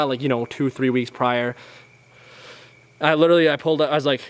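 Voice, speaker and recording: A man's voice: mid-range voice, fairly even intonation, quick pace, clean tone. Exasperated man ranting to camera. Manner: exasperated, rambling with restarts. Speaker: outdoors channel vlogger. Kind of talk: storytelling rant to camera.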